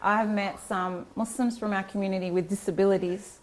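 A woman's voice: mid-range voice, fairly even intonation, a little fast. A woman, a guest in a casual chat, talking earnestly and reflectively with many restarts. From Australia. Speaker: guest, community organizer.

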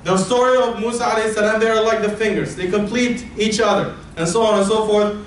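Echoey Egyptian-accented imam preaching. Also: male voice, steady tone, fast. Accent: Egyptian Arabic. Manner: explanatory, uses everyday comparisons. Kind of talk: Friday sermon. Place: large mosque hall. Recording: booming echo from far off, faint room hum.

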